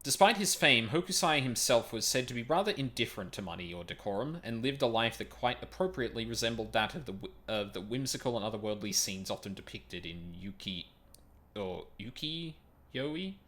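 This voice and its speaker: A man's voice: medium pitch, big pitch swings, normal speed, fairly bright tone. A man streaming a video game, reading its text aloud and stumbling over unfamiliar words, with casual sweary asides.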